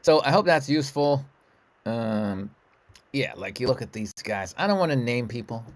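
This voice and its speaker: A man's voice: mid-range voice, lively intonation, normal speed. A middle-aged man hosting a livestream, giving a rambling spiritual talk in a loose, profane, emphatic way. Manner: loose, profane and emphatic, frequent "you know what I'm saying".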